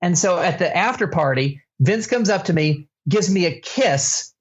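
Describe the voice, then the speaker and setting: A middle-aged man hosting a podcast, telling an anecdote with animated energy and laughing as he tells it. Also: sits high, moderate pace, lo-fi sound. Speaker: podcast co-host. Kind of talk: casual storytelling chat.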